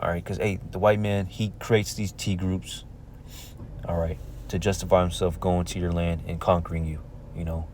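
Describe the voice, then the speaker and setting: Deep-voiced man preaching casually. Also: little pitch movement, moderate pace, darkish tone, a little hiss or hum. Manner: conversational, peppered with "all right?" and "man"; reads verses aloud in old-fashioned wording. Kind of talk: informal scripture preaching to camera.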